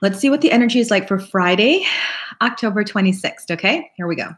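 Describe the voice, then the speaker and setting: A woman's voice: medium pitch, lively intonation, a little fast. Woman, tarot reader, live stream host, casual chat, laughs a lot, greets viewers. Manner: chatty, laughs often, greets viewers by name.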